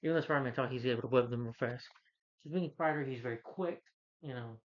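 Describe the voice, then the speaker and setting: A man's voice: medium pitch, highs cut off. Rambling man recapping a movie. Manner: rambling, with many fillers, quick quoted lines of characters. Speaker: movie reviewer. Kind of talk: casual film recap.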